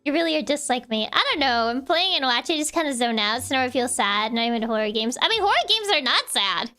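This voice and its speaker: A woman streamer chatting casually with her viewers, her voice high and bright. She talks in a loose, chatty way, laughs often and keeps saying "like". Faint music plays under her. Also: expressive, fast. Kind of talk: casual chat while reading viewer messages.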